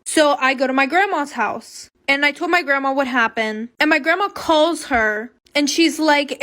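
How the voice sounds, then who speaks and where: A young woman with a high, light voice tells a casual storytime straight into her phone. She is chatty and blunt, swears freely and drops quick asides, talking close to the mic. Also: fairly bright tone. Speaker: TikTok storyteller.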